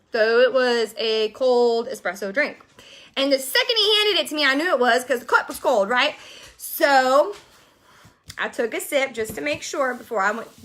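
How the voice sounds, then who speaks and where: High bright-voiced woman venting. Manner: animated, exasperated venting. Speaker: vlogger. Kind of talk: casual storytelling.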